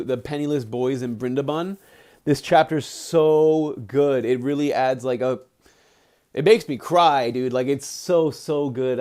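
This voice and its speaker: A young man on a livestream, retelling a book chapter in a casual, animated way, filling it with "he's like" and acting out the quotes with big jumps in pitch. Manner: many fillers like "he's like". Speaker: streamer reading a book aloud.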